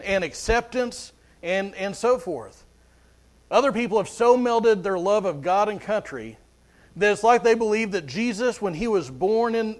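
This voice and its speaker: A man preaching a sermon as pastor, earnest, often repeating words as he goes. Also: high-pitched.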